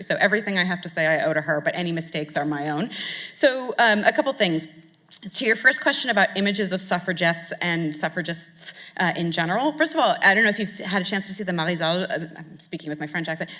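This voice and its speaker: Woman in her 30s, guest art historian; bright voice, thoughtful, self-correcting delivery. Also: on the low side. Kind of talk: answering audience question at lecture.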